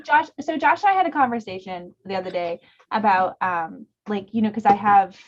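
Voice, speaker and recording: A woman hosting a casual live stream, chatty and quick to laugh, often trailing off softly. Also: mid-range voice, lively intonation. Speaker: host. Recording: dull lo-fi stream audio.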